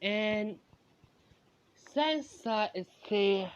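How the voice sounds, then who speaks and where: A woman narrates a fan story she makes up as she goes, slow and halting, often backing up to fix a name or word. Her pitch swings widely through each line, and the recording sounds dull and lo-fi. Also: very animated, fairly bright tone. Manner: hesitant, often corrects herself mid-sentence.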